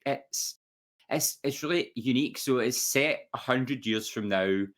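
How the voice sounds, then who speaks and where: Rambling through casual podcast chat, the co-host keeps starting over and leaning on fillers. His voice is on the low side with a bit of brightness.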